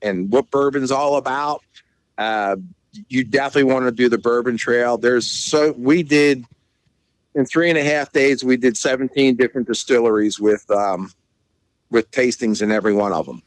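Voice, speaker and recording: A man's voice: medium pitch, moderate pace, dry recording, low-quality recording. Rambling middle-aged man telling stories. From Maryland, USA. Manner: rambling storyteller, many restarts and fillers. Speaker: podcast guest, bus seller. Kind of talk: casual chat.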